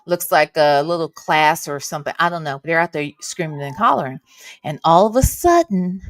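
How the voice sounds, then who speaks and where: A woman's voice: low-pitched, lively intonation, normal speed, dry recording, clean studio sound. Chatty woman hosting a livestream. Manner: chatty, talks to viewers, swears casually. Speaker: reaction channel host. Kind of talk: casual livestream chat. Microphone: desk microphone.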